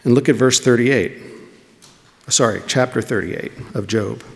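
Male preacher, mid-pitched and gravelly, conversational sermon, echoing hall. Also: measured pace. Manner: conversational, asking the listeners questions. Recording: long reverb of a large hall.

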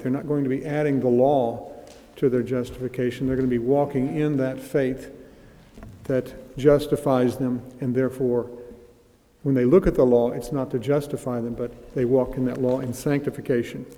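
A man teaching a sermon, reading scripture aloud and slowing down to stress key phrases. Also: mid-range voice, warm tone. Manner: reads scripture aloud with rising emphasis, slows on key phrases. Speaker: preacher. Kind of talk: expository Bible teaching. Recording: long hall reverb.

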